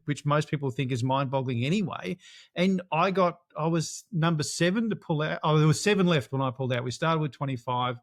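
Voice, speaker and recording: A middle-aged man, a guest in an interview, telling his race story in a lively way and acting out quoted dialogue. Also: a little high, fairly quick, no echo, studio quality. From Australia. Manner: animated, acts out quoted dialogue. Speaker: interview guest, adventure racer.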